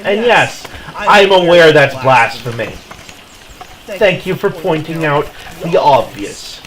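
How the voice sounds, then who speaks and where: A man's voice: on the high side, expressive, takes it slowly, fairly bright tone, poor audio. A man streaming, delivering a heated, sarcastic rant and repeating his jabs. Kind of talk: angry political rant.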